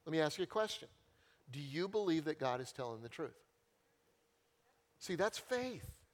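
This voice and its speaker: A man's voice: fairly high pitch, very animated, normal speed. A male pastor preaching a sermon in a conversational, storytelling way, with self-deprecating humor and key phrases repeated for emphasis.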